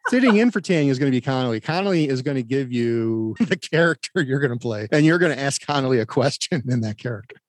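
Male podcast host, friendly, mid pitch, dry close recording. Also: animated, fast talker, hardly any pauses, no room sound. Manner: friendly, setting up segments. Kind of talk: podcast interview.

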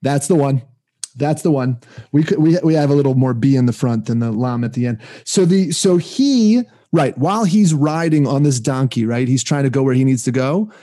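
A man's voice: mid-range voice, moderate pace, mellow. A man co-hosting a casual faith talk, chatty and laughing often, retelling a scripture story with restarts. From Jewish community, reads weekly Torah portion. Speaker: podcast co-host. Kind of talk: casual conversation about faith.

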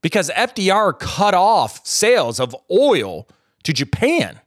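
Blunt, profane American podcast ranter. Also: male voice, high-pitched, wildly swooping pitch, slow pace, a bit bright, no room sound, studio quality. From United States. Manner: rambling, with restarts and trailing off. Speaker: podcast host. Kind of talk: solo podcast rant.

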